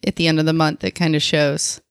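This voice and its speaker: A woman's voice: sits low, flat delivery, quick pace, clean tone, no room sound, clean studio sound. A woman co-hosting a casual podcast, friendly and conversational, often ending her points with a questioning "right?". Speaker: podcast co-host.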